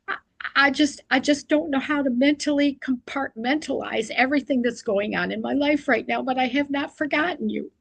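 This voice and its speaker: A woman's voice: sits high, normal speed, creaky, husky, no room sound, rough recording. A middle-aged woman sharing a personal devotional reflection, speaking earnestly and confessionally, sometimes poking fun at herself. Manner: earnest and confessional, often self-deprecating.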